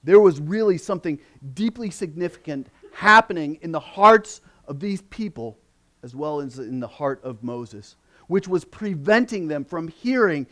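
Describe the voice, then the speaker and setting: A male pastor preaching a sermon, moving between emphatic passages and hushed asides. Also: fairly high pitch, animated, moderate pace.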